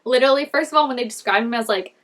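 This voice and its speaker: A woman's voice: on the high side, very fast, a bit bright. A young woman chatting casually in a fan recap vlog, gushing and rambling with lots of filler words.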